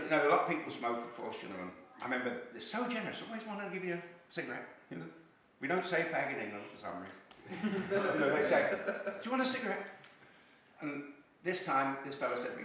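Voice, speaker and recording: A man doing stand-up, telling joke after joke in a chatty way and jumping higher in pitch to act out the people in them. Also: big pitch swings, fast talker, fairly bright tone, a little hiss or hum. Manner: chatty, filler-heavy, pitches up to act out quoted lines. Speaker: stand-up comedian. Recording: echoey room, mic at a distance.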